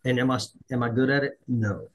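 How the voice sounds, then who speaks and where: A middle-aged man hosting a podcast, telling a story in a lively way, acting out the dialogue and poking fun at himself. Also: mid-range voice, a little fast, highs cut off. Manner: animated, acts out dialogue, self-deprecating. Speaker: podcast host. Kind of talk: conversational storytelling.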